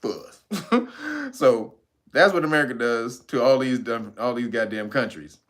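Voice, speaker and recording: A man's voice: mid-range voice, normal speed, fairly bright tone. A man ranting in casual slangy commentary, swearing freely and breaking into laughs. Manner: profane, laughs often, slangy. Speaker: commentary vlogger.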